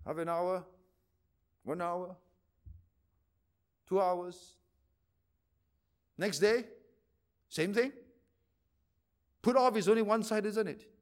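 A pastor preaching a sermon, repeating phrases for emphasis and swinging from loud to quiet. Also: male voice, high voice, steady tone, slow, pauses often.

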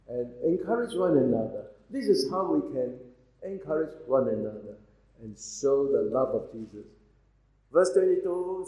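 Animated preaching man, roomy church sound. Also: on the high side. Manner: emphatic preaching, reads scripture aloud and exhorts the congregation. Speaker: pastor. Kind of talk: sermon.

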